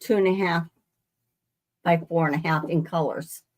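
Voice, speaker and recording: Speaking from her sewing room, this quilting livestream host has a lowish, darkish voice with fairly even intonation at a normal pace, and the audio carries a slight hiss or hum. She rambles through a casual live demo, restarting sentences as she welcomes viewers by name.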